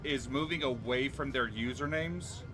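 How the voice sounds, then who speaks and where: A man's voice: medium pitch, moderate pace, fairly bright tone. Laid-back male streamer. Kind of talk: casual gameplay commentary.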